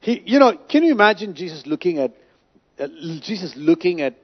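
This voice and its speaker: A man's voice: high-pitched, sing-song, moderate pace, lo-fi sound. A man preaching a sermon with emphasis, asking the congregation rhetorical questions. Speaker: pastor.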